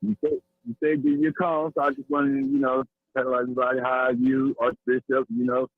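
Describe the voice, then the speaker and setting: A man from West Virginia calling a live show by phone from outdoors, talking in an excited, loose and profane way. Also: mid-range voice, fairly quick, no room sound. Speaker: caller. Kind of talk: casual phone call. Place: outdoors on a motorbike in the rain. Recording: tinny dry phone line.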